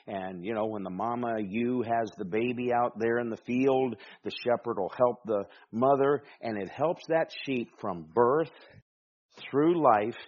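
A man's voice: medium pitch, darkish tone, muffled recording. A man with a Southern American accent preaching a sermon, folksy, with rhetorical questions and humorous asides. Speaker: pastor.

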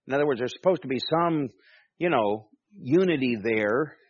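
A man's voice: mid-range voice, expressive, moderate pace, no room sound, highs cut off. A man preaching a sermon as pastor, emphatic, with rhetorical questions and calls for amen.

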